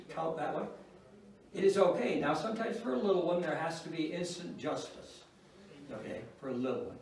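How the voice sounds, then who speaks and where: An older man teaches an informal church class on parenting, folksy and wry, chuckling at his own stories. His voice is on the high side and animated, and he speaks fairly quickly. The room is echoey and the mic sits far away.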